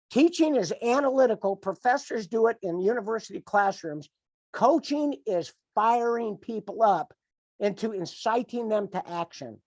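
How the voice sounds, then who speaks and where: A man's voice: high voice, no room sound. A middle-aged man giving an emphatic, repetitive, fired-up motivational coaching talk to his team on a call. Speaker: team leader.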